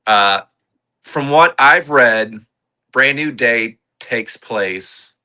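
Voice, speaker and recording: Bright-voiced man sharing theories. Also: medium pitch, very slow. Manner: thoughtful, speculates about what comes next. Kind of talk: casual movie review chat.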